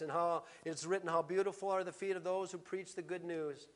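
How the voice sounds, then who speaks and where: A pastor preaching a sermon, emphatic, swinging between loud proclaiming and a hushed near-whisper. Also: male voice, high-pitched, steady tone, brisk.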